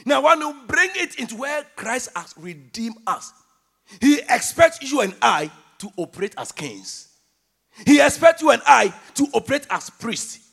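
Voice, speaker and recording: High, lively, gravelly-voiced shouting preacher. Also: male voice, measured pace. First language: not English. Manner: call-and-response, shouting emphatic lines. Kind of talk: sermon.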